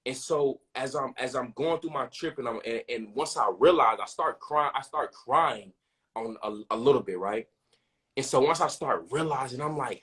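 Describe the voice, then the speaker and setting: A man's voice: medium pitch, moderate pace, fairly bright tone. A young man telling a personal story in an open, earnest way, often repeating himself and asking "you know what I'm saying". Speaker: podcast host.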